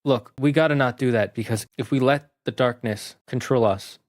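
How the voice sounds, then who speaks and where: A man's voice: medium pitch, moderate pace, no echo, studio quality, natural voice. A man voicing a determined young woman who speaks earnestly and reassuringly. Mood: urging.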